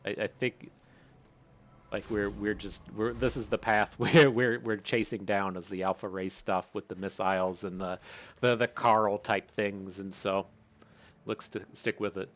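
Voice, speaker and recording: A man's voice: lowish voice, flat delivery, unhurried, fairly bright tone. A man giving casual commentary while playing a video game, rambling, repeating words and swearing now and then. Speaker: gaming streamer.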